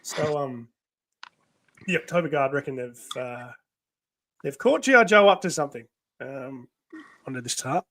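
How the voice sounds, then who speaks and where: A man hosting a live comic read-through, rambling with many pauses and laughs. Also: mid-range voice, lively intonation, a bit bright, a little hiss or hum. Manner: rambling, full of ums and laughs. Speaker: host. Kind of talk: casual live-stream chat.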